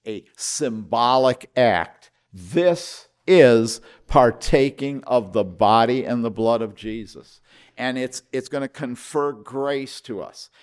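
A man's voice: mid-range voice, a little mellow. An older man preaching a sermon as pastor at a church service, impassioned, repeating his questions with rising emphasis.

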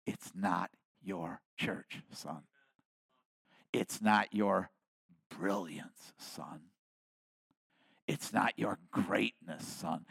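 An elderly pastor in his seventies delivers his sermon at an easy pace in a low voice touched with vocal fry. He alternates near-whispers with loud, emphatic statements, and the close, dry recording carries no room sound.

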